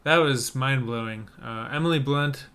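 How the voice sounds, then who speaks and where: A man's voice: medium pitch, moderate pace, fairly bright tone, clear, resonant tone. A man co-hosting a casual podcast, chatting about movie trailers with wry, joking banter. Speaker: podcast co-host.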